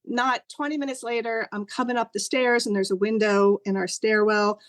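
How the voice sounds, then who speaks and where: A woman's voice: a little high, steady tone, moderate pace, no echo. A middle-aged woman telling a personal story over a video call, earnest and rambling with lots of fillers. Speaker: guest sharing a personal story.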